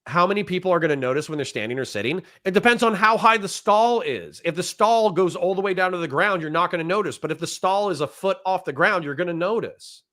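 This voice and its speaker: A man hosting a livestream, reading out chat comments and answering them bluntly, with plenty of swearing and quick flare-ups of anger. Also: sits high, lively intonation, sharp tone. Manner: blunt, profane, quick to get heated. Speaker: livestream host.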